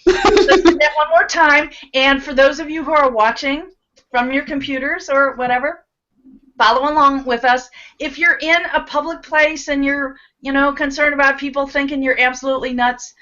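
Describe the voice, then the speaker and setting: On a video call, a cheerful woman runs a live online laughter yoga session for a group, coaching, cheering and bursting into laughs. Her slightly high, bright voice is slow and encouraging with fairly even intonation. The audio sounds dull and lo-fi, like a streamed call.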